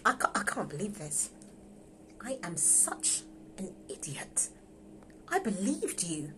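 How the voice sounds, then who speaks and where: A woman's voice: mid-range voice, animated, measured pace, noisy background, natural voice. A woman reading a distraught young wife in love with her husband's friend, emotional and pleading, in a live script read-through over a phone. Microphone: phone on a livestream.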